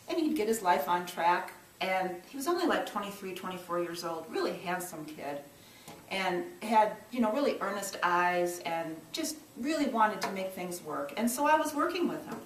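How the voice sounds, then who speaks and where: A woman's voice: on the low side, slight background noise. A middle-aged woman working in church social service, telling a personal story in an earnest, reflective way, with frequent restarts and emphatic rises. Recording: roomy sound from a distance, faint ambience.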